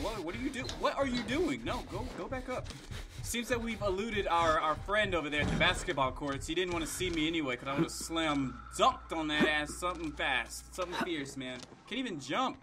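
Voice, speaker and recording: A young man casually commenting while playing a horror game, joking and yelling in fright. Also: a little high, noisy background. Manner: loud, jokey, yelps when scared. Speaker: gaming YouTuber.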